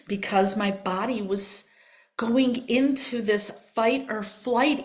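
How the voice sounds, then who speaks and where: An older woman hosting a podcast, telling a personal spiritual story in a soft, emotional way that drifts into whispers. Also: medium pitch. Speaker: podcast host.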